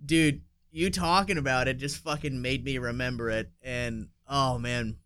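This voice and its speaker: A man telling stories in a casual chat, animated, laughing often and swearing. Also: medium pitch, normal speed, clean tone, no room sound, clean studio sound. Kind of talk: casual storytelling.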